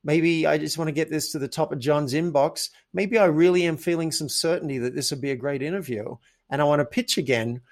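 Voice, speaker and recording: A man's voice: on the high side, fairly quick, few pauses. A man, a podcast guest who tells stories animatedly and acts out his own quoted thoughts. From Australia. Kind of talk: casual interview chat.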